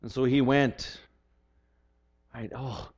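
A man's voice: mid-range voice, steady tone, slow, a little mellow. An older man preaching a sermon as pastor, earnest and often repeating words as he restarts his sentences. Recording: dull lo-fi recording.

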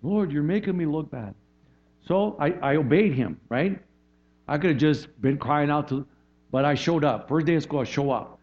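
Slightly high-voiced male preacher, lo-fi. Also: normal speed, darkish tone. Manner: conversational preaching, frequent "right?" checks and restarts. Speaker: pastor. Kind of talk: sermon.

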